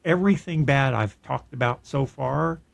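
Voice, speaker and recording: A middle-aged man speaking at a mid pitch, neither high nor low. He talks in an earnest, reflective way and tells his personal story as casual podcast chat, often restarting a thought. His voice is plain and steady. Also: normal speed, gravelly. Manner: earnest, reflective, with frequent restarts and soft laughs. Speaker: podcast co-host.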